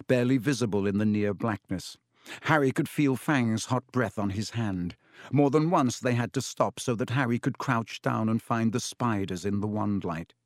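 A man reading a children's fantasy novel aloud as an audiobook narrator, steady, measured and suspenseful. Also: lowish voice, no room sound, clean studio sound. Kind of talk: scripted storybook narration.

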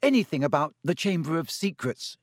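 A man voicing a clever, eager schoolgirl who asks her teacher questions in a clear, polite voice. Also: on the high side, sing-song, brisk, dry recording, clean studio sound, pitched above the performer's own voice.

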